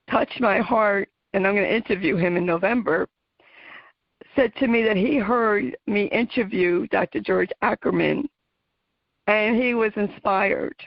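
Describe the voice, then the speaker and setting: A middle-aged American woman talks to her radio listeners, heartfelt and quick to laugh. She speaks slowly and takes her time. The recording is muffled and dry, with no room sound. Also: mid-range voice, creaky, dry recording. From United States. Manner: heartfelt, emotional, laughs often. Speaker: radio show host. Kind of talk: personal talk to listeners.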